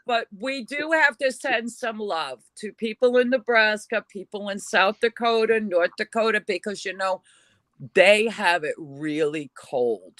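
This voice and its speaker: A woman's voice: mid-range voice, unhurried, no echo. Chatty New York woman, dry close sound. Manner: chatty, animated storytelling with restarts. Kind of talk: casual live-stream chat.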